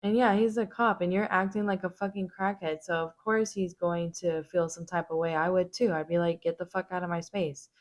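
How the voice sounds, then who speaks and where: A woman's voice: lowish voice, a little fast, few pauses. A woman hosting a reaction video, giving blunt, casual commentary full of swearing.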